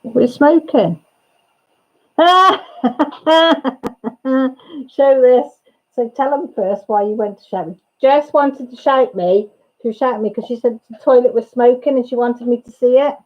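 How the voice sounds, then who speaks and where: A woman's voice: high-pitched, measured pace. A woman hosting a casual livestream chat, greeting viewers by name and chatting with her family off-camera. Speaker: livestream host and mother. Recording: dull lo-fi audio.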